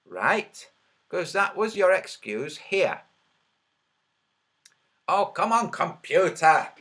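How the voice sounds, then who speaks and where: A man with a high, bright voice and a trembly edge gives a slow, argumentative commentary over his screen. He counts out loud, and his pitch jumps around a great deal. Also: very animated. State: slightly trembly voice. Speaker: online video creator.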